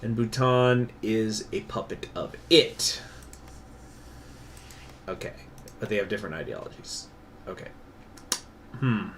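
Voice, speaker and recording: This man's casual livestream commentary on a strategy game drifts and digresses, loaded with fillers. His voice sits fairly low, moves a bit slowly with frequent pauses, and carries some faint background noise.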